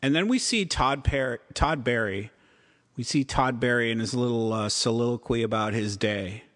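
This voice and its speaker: A man's voice: mid-range voice, normal speed, fairly bright tone. Guy rambling about a tv show, lots of "like", acts out lines, echoey long reverb. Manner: rambling, acts out quotes, frequent "like". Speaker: podcast co-host. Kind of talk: casual chat reviewing TV episodes.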